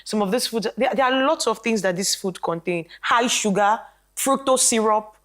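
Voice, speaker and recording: A woman's voice: a little high, normal speed. A woman who is a health practitioner, speaking on a panel show and animatedly telling stories about clients, acting out their lines. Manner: animated storytelling, quotes people. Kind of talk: casual panel talk.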